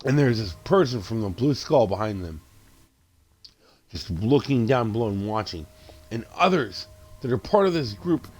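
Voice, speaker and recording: A man casually recapping a horror movie, excitable and profane, with frequent restarts and quoted lines acted out. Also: medium pitch, moderate pace. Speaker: movie reviewer.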